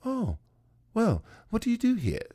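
A politely curious audition lady with a softer voice, put on by a man retelling the scene. She asks her questions in a lighter register. It is a quick, low-key impression. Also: wildly swooping pitch, husky, exaggerated voice.

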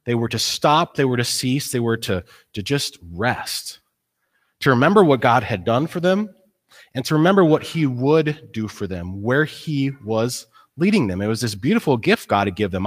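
A man's voice: medium pitch, normal speed. A man preaching a sermon, retelling a story in a casual, conversational way and acting out the people's lines. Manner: animated storytelling, acts out quoted voices. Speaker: pastor.

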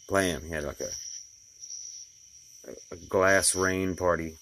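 A man's voice: low-pitched, steady tone, takes it slowly, pauses often, a bit bright, slight background noise. A middle-aged man who installs glass, telling stories about his day in a rambling, folksy way with lots of fillers. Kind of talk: casual personal vlog.

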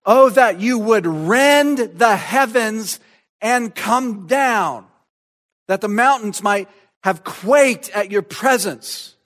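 Man, preacher, sermon, slow delivery, higher pitch, dramatic soft-to-loud swings. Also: expressive. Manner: reads scripture aloud with emphasis.

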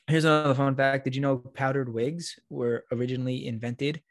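Crude, joking, and deadpan, this podcast co-host with a New York accent trades banter in a casual chat. His medium-pitched voice runs a little fast on a dry recording.

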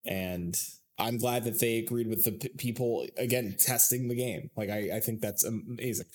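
A man's voice: medium pitch, fairly even intonation, normal speed, darkish tone. A man co-hosting a casual gaming podcast, ranting animatedly and laughing often. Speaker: podcast co-host. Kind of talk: casual chat.

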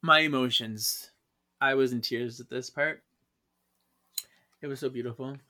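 A man's voice: medium pitch, fairly even intonation, unhurried, sharp tone. A man co-hosting a podcast, chatting enthusiastically with lots of laughter. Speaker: podcast co-host. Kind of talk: casual chat.

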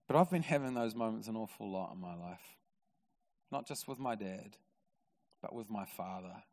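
Man, New Zealand accent, pastor, sermon, animated storytelling, long church-hall reverb. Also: on the low side, unhurried, pauses often. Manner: animated storyteller, swings from loud excitement to quiet intimacy.

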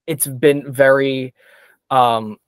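A man's voice: medium pitch, fairly even intonation, drawn-out words, clear, resonant tone, no room sound. A man chatting casually as a podcast guest, enthusiastic and rambling with fillers. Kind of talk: casual chat.

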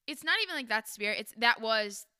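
A young woman co-hosting a podcast, cutting in to retell a story in excitable casual chat. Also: on the high side, a little fast, clean tone, no room sound, clean studio sound. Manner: excitable, jumps in, dense with "like". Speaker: podcast co-host.

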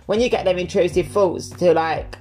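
A man's voice: high voice, normal speed, a little mellow. A man hosting a podcast, answering listener questions in casual solo chat, candid and chatty with frequent fillers. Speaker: podcast host.

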